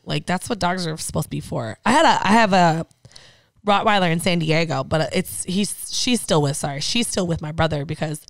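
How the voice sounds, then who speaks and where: A woman's voice: low-pitched, fairly quick, dry recording. A woman hosting a podcast in casual chat, telling stories with lots of swearing and acting out the voices in them. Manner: lively storytelling, acts out voices of dogs and people; swears freely. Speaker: podcast host.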